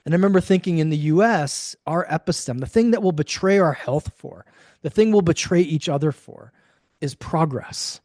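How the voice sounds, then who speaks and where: A man talks emphatically as a guest on an interview podcast, often slipping into quoted voices and casual swearing. His voice sits a little high for a man. The sound is dry and close, with no room around it. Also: normal speed, a little mellow, no room sound. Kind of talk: conversational interview.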